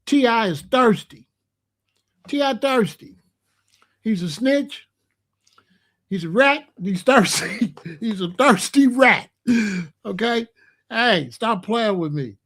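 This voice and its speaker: A man's voice: sits high, animated, slow pace, long pauses, fairly bright tone. A man giving opinionated commentary in a vlog, talking emphatically, repeating himself and using slang. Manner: emphatic, repetitive, slangy, preachy. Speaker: rap commentator.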